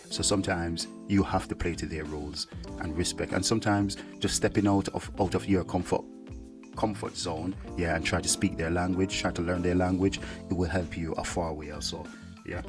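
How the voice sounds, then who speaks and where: A man who is a soldier, talking casually to the camera in a rambling way, with lots of "yeah" fillers. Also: sits low. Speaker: soldier and vlogger.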